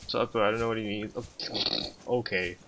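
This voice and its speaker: A man's voice: lowish voice, steady tone, moderate pace, a bit bright, slight background noise. A young man streaming a game, chatting with his viewers in a sarcastic, talkative way. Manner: sarcastic, chatty, talks to chat. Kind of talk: casual gameplay commentary.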